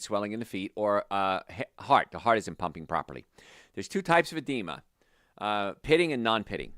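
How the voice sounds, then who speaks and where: Animated, chatty male health practitioner. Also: medium pitch, no room sound, clean studio sound. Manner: animated, chatty, drifts into stories. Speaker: holistic health practitioner answering viewer questions. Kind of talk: casual Q&A monologue with anecdotes.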